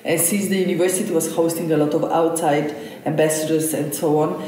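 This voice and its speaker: Low-voiced woman in echoey room. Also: a little fast, distant mic. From Slovenia. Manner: animated storytelling, frequent fillers. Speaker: chef. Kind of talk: conversational interview.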